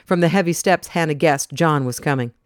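Audiobook reader, steady measured telling, smooth clean voice, dry close sound. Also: mid-range voice, no room sound. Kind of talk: audiobook narration.

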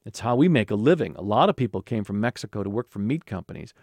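Man playing a matter-of-fact working dad who cooks tacos, storybook, lively, dry. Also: lowish voice, fast, dry recording. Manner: plain-spoken, matter-of-fact. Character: hardworking middle-aged male taco cook, plain-spoken.

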